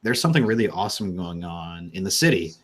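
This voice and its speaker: A man's voice: low voice, lively intonation, quick pace, a bit bright. A man hosting a casual live-stream show, rambling and swearing freely with lots of fillers. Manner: rambling and profane, many fillers. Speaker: podcast host.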